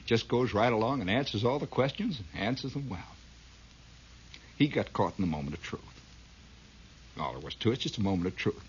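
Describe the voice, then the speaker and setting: A man's voice: on the low side, animated, brisk, long pauses, a little hiss or hum. A man telling a rambling comic story, laughing at it as he goes. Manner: rambling, laughing at his own tale. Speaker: comedian. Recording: dull lo-fi old recording.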